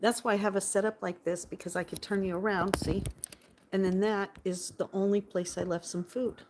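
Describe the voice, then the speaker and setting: Sitting indoors by a window at home, a California vlogger answers viewers on her phone during a bubbly, casual live-stream chat. She has a medium-pitched, steady, darkish voice at normal speed, with slight background noise.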